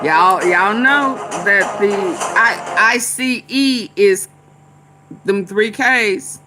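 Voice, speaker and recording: A woman's voice: mid-range voice, extremely slow, music in the background. A woman vlogger giving casual, chatty political commentary, laughing often and chanting refrains.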